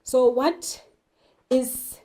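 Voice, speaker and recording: A woman teacher explaining poetry and literature terms, slowly asking questions and answering them herself. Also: high voice, dark tone. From South Africa. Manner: slow, deliberate, poses questions then answers them. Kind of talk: literature lesson.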